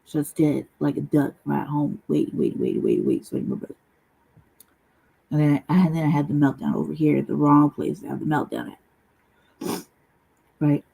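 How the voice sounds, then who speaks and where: Gravelly, husky-voiced speaker ranting casually. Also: mid-range voice, level tone, moderate pace, warm tone, low-quality recording. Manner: profane, rambling, slangy. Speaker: channel host. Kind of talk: casual storytelling monologue.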